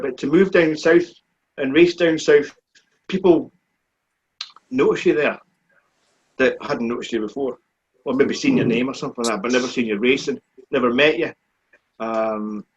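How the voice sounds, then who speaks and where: A Scottish man in his forties talks back over his racing years in a relaxed, plain-spoken way. His voice is husky and sits at a middle pitch. The sound is dull and muffled, like lo-fi stream audio. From Scotland. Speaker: guest, speedway rider. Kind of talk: live online chat.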